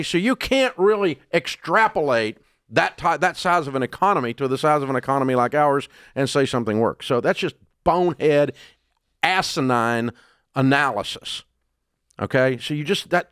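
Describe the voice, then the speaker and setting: A man hosting a radio talk show, ranting bluntly and scornfully, his voice jumping loud and high when he gets worked up. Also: expressive, normal speed, no room sound, studio quality. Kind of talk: opinionated talk radio rant.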